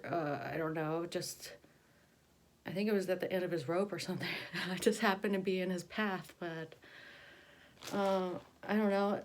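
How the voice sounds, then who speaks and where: A young woman telling a story in a casual vlog, rambling with many fillers and restarts. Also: fairly low pitch. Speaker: vlogger.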